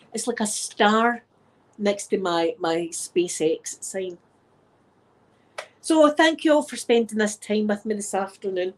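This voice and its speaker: Chatty Scottish woman rambling to viewers. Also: a little high. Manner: chatty, laughs often, lively storytelling. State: sore throat. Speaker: YouTube vlogger. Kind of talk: rambling casual chat to viewers.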